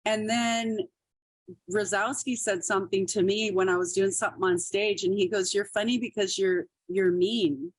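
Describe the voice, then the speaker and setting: A woman's voice: mid-range voice, fairly even intonation, normal speed, no echo. A middle-aged woman comedian telling stories in a casual interview, laughing often and acting out quotes. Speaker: podcast guest, comedian.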